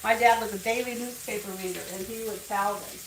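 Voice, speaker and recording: This cooking show host, an older woman, speaks a little fast in a mid-range voice with fairly even intonation. She demonstrates a home-cooked dish in her kitchen, chatting and rambling into family stories. Sizzling and frying noise fill an echoey room recorded from a distant mic.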